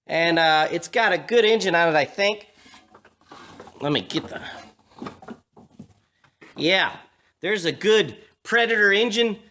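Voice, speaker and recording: In a garage, a man with a high, bright, forceful voice vlogs a story in casual chat. He fills it with fillers and restarts, recorded on a camera mic.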